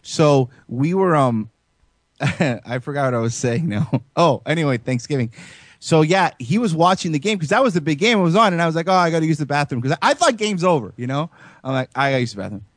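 A man's voice: on the high side, moderate pace, no echo. A young adult man hosting a casual podcast chat, telling stories animatedly, swearing and acting out quotes. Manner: profane, animated storytelling with voiced quotes. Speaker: podcast host.

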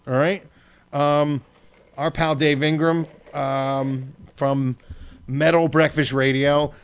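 Radio host dude just chatting, rambly, lots of "you know"s. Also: male voice, a little high, flat delivery, takes it slowly, clear, resonant tone. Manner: loose storytelling with many fillers. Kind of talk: casual radio banter.

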